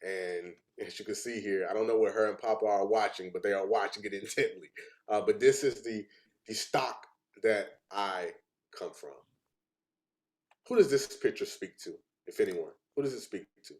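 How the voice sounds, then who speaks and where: A man's voice: on the low side, moderate pace. Earnest man presenting family stories. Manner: earnest, chokes up with emotion. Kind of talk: emotional personal presentation.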